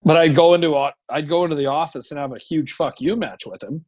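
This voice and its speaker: A man who is a professional hockey goaltender, a guest telling casual stories full of swearing and acting out his own shouting. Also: fairly high pitch, quick pace. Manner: profane, animated storyteller who acts out shouting. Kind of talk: casual storytelling interview.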